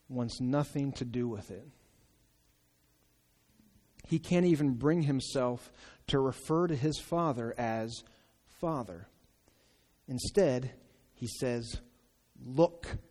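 Animated male preacher in an echoing hall. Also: medium pitch. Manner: animated, exclaiming, acts out voices. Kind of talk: sermon. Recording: long reverb of a large hall.

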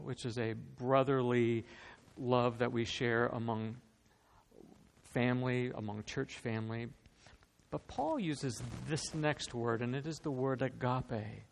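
A man's voice: mid-range voice, vocal fry. A man preaching a sermon as pastor, earnest and storytelling, often repeating a word as he starts a phrase. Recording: long reverb of a large hall.

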